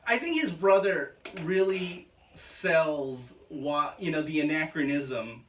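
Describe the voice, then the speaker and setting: A man's voice: a little high, animated, fairly bright tone, slight background noise. Eager man, slightly distant mic. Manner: enthusiastic, halting, searching for names. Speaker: podcast co-host. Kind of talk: casual film discussion.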